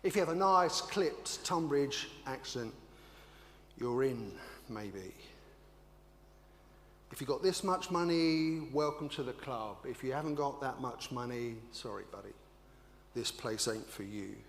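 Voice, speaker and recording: An older man, an English minister, preaching a sermon with animated, rhetorical storytelling. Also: medium pitch, unhurried. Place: church. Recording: echoey church hall with hum.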